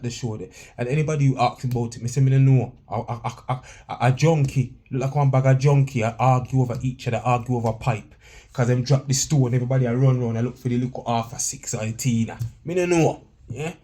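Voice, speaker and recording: A man's voice: mid-range voice, dark tone. A man giving a blunt, ranting review of podcasts, mixing slang and patois phrases into his talk.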